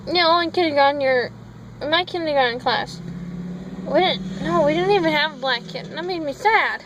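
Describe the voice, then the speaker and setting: A woman's voice: high-pitched, a little fast. A woman tells a long, rambling story for her vlog, wandering off on tangents and stopping to correct herself. She is recorded on a phone, with a faint hum of noise underneath. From Minnesota. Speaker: vlogger.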